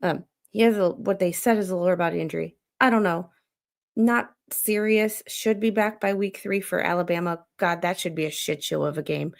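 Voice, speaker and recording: A woman's voice: on the low side, moderate pace, creaky. A woman hosting a show, rambling in an unfiltered, exasperated rant and swearing freely. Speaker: podcast host.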